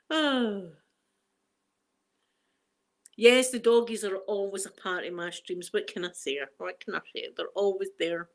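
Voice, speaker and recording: A woman's voice: mid-range voice, steady tone, normal speed, few pauses. A middle-aged woman with a Scottish accent chatting casually on a live stream, reading the chat and laughing often. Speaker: ASMR streamer.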